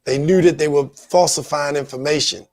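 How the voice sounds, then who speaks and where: A man's voice: on the high side, steady tone, normal speed, no echo. A man hosting a talk show, giving earnest commentary, rambling with "you know" fillers. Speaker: radio show host.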